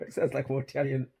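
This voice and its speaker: A man's voice: medium pitch, dark tone, husky, no echo. A man hosting a casual, jokey vlog tour of a farmhouse build site outdoors. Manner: chatty, jokey, matey. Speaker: vlog host.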